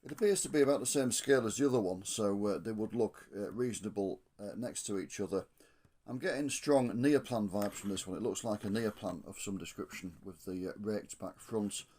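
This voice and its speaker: A man reviewing a model coach, thinking aloud with frequent ums and restarts, slightly hoarse from losing his voice. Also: lowish voice, a little fast, darkish tone. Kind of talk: casual hands-on product review.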